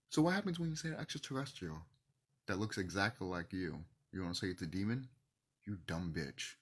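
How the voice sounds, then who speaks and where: Husky guy ranting to camera, low-ish voice, gets loud then drops to almost a whisper, kinda teary. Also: animated, brisk. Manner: passionate, swings between loud outbursts and hushed near-whispers, swears. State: emotional, teary. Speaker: video host.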